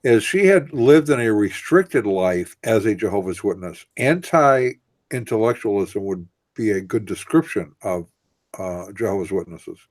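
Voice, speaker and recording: A man's voice: lowish voice, lively intonation, measured pace, no echo. A man co-hosting a casual radio discussion, explaining in long, winding, earnest sentences. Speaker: co-host.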